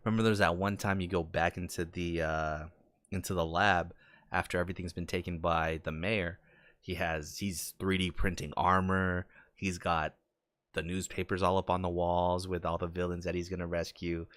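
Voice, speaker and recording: A man co-hosting a casual podcast chat, telling stories with lively acted-out quotes. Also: moderate pace, no echo. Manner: animated storytelling, acts out quotes with big jumps in pitch. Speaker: podcast co-host.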